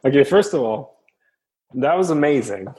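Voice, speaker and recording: A man's voice: medium pitch, slightly rough. A man co-hosting a podcast in casual, enthusiastic, playful chat. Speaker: podcast co-host.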